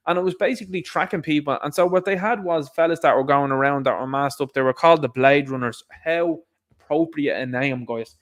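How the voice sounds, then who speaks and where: A man's voice: fairly high pitch, brisk. A man with an Irish accent hosting a casual commentary show, sarcastic and rambling with many asides.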